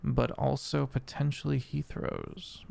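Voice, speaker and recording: Gravelly-voiced man running a game. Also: mid-range voice, little pitch movement, slow pace, darkish tone, a little hiss or hum. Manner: searching for words, with fillers and restarts. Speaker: game master. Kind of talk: describing scenes in a tabletop game.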